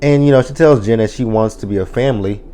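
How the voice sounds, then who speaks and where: A man with a fairly low voice and a mellow, relaxed tone talks through a TV episode. His recap is loose and chatty, full of swearing and fillers. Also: fast talker, a little hiss or hum. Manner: profane, chatty retelling with many fillers. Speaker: TV episode reviewer. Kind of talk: casual recap chat.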